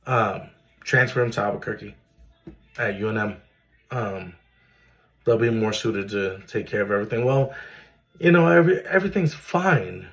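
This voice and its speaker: Earnest man, low voice. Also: fairly even intonation, normal speed, pauses often, fairly bright tone, low-quality recording. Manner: emotional, earnest, with many fillers. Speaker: father telling a family story. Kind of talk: personal storytelling to camera.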